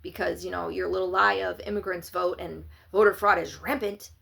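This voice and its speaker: A woman's voice: lowish voice, moderate pace, vocal fry. Sarcastic woman vlogging politics. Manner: opinionated, sarcastic, animated. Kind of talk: casual political commentary.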